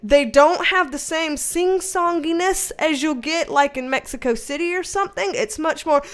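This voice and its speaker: Hosting a livestream, this woman from the American South, in her thirties, tells stories in an animated, casual way, laughing and cursing as she goes. She has a light Southern accent and a high-pitched voice at a moderate pace.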